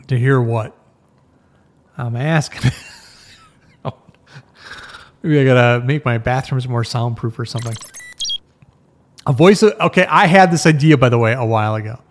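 A middle-aged man hosting a podcast in a casual, rambling way, swearing now and then and laughing at himself. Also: medium pitch. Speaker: podcast host. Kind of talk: casual chat.

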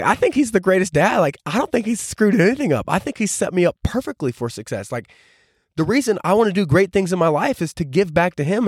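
Fast-talking young man, casual podcast musing. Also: sits high, breathy edge, no echo, clean studio sound. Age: 20s. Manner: casual, rambling, many filler "like"s. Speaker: podcast host. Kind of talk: reflective solo podcast monologue.

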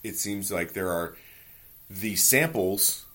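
A man's voice: deep voice, takes it slowly. A man in his forties hosting a podcast, talking in a casual, profane, ranting monologue and telling stories from home. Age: 40s. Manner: profane, ranting, animated storytelling. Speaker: podcast host.

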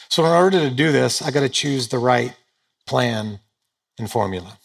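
Preaching before a live audience on stage, a pastor speaks at normal speed in an expressive, creaky, mid-range voice. His style is conversational and humorous, with jokes aimed at himself.

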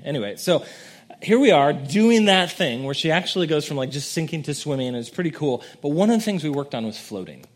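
A man preaching a sermon in a casual, conversational way, swinging between soft reflective passages and loud emphatic peaks. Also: lively intonation, brisk. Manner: conversational preaching, dramatic swings in pitch and volume. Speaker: pastor.

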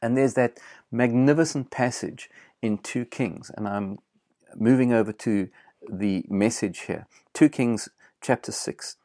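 A man preaching a sermon, earnest and emphatic, repeating phrases with pauses and fillers. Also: medium pitch, dark tone, no room sound, clean studio sound.

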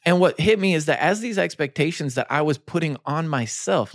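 Earnest storytelling pastor, dry close mic. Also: male voice, fairly high pitch, lively intonation, a little fast, hardly any pauses, no room sound. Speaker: pastor and podcast co-host. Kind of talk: casual faith podcast chat.

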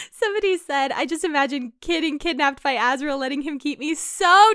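A woman's voice: high voice, fairly bright tone, dry recording, clean studio sound. A young woman hosting her own podcast, chatting casually and reading out listener answers in a bubbly, giggly way. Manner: bubbly, giggly, quick asides. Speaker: podcast host and shop owner.

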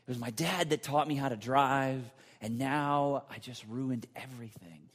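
A man's voice: medium pitch, moderate pace. Earnest man preaching a sermon. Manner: storytelling, personal and earnest. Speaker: pastor.

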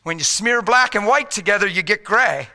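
A middle-aged man preaches in a church with a very bright, cutting voice that sits a little high for a man. He talks in a plain, folksy way, pushing hard in loud urgent bursts, then dropping into a quiet, close hush. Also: lively intonation, normal speed, vocal fry. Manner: swings between loud urgent exhortation and quiet intimate hush. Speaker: pastor. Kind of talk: sermon.

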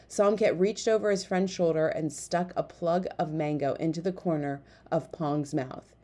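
A woman narrating an audiobook, reading the story in a lively way and switching voices for each character. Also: lowish voice, normal speed, hardly any pauses.

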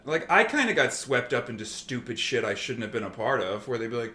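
A man's voice: medium pitch, quick pace, hardly any pauses, reverberant. A man in his thirties, a former army medic, telling stories in casual conversation, swearing freely and acting out quoted exchanges. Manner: profane, animated storytelling that acts out quoted exchanges.

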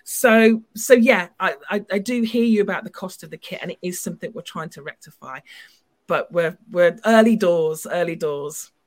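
A woman's voice: mid-range voice, a little fast. A woman talks as a guest over a video call. She is earnest and upbeat, and her speech has restarts. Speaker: guest founder of a small company.

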